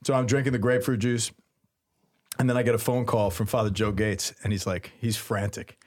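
A man in his thirties, a priest and podcast co-host, telling a story in a lively, laughing way. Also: fairly low pitch, fairly quick. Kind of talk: casual storytelling chat.

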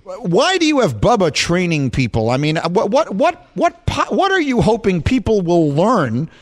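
A male sports radio host with a fairly high voice that swings widely in pitch as he talks. He teases his guests, laughs easily and keeps the chat animated. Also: normal speed. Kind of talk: casual sports talk.

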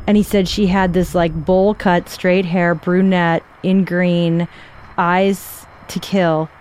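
A woman's voice: lowish voice, little pitch movement, slow pace, a little mellow, slight background noise. A woman telling a personal story in a candid, conversational way, sometimes acting out what people said. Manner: candid, conversational, reenacts dialogue. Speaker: guest storyteller.

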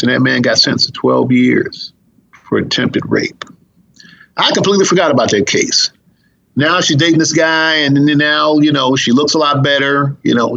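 A man's voice: creaky, a bit bright, husky. A middle-aged man, a police officer, telling a long story in an interview and acting out the voices of the people in it. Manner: acts out dialogue with big pitch jumps. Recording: dull lo-fi recording.

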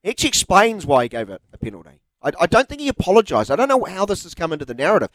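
A middle-aged man with a New Zealand accent hosts a sports radio show, animatedly arguing his opinions and reading out listener texts. His voice is high and racing, with no echo.

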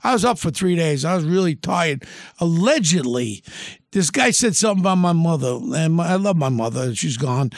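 A man's voice: a little high, lively intonation, a little fast, dry recording. An older man, a former detective telling a crime story in a brash, tough-talking way. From New York. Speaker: podcast host, former detective.

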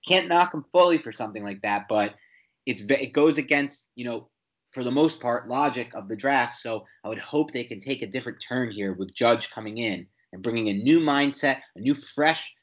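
A man co-hosting a sports podcast, talking football in an animated, opinionated way with quick restarts. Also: medium pitch. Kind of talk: casual sports chat.

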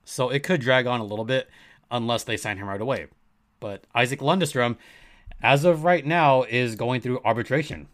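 A man hosting a hockey podcast in an earnest, emphatic way, leaning on his key points and repeating them. His voice sits at an ordinary middle pitch. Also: moderate pace, fairly bright tone. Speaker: podcast host. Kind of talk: sports podcast commentary.

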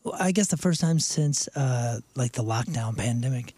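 A hoarse man on a radio morning show, losing his voice, rambling through a story and laughing often. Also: medium pitch, expressive, normal speed, dark tone, no room sound. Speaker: radio co-host. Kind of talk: casual chat.

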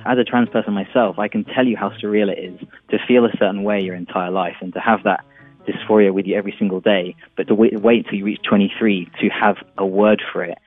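A man's voice: on the low side, steady tone, quick pace, dry recording. A man speaking earnestly in a conversational interview, thoughtful with some restarts. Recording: tinny phone line with faint music.

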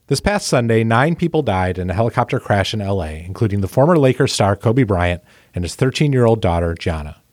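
A man's voice: on the low side, lively intonation, a little fast, a little mellow, dry recording, studio quality. A man hosting a parenting podcast, introducing topics and guests conversationally. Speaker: podcast host.

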